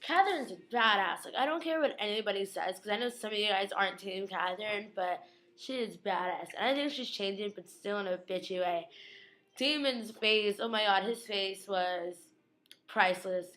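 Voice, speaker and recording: Young woman, fan recap vlog, chatty, slangy, gushing, mid-pitched voice. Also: fairly bright tone, rough recording. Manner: chatty, gushing, slangy, retells scenes with quick quoted asides. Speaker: vlogger recapping a TV episode.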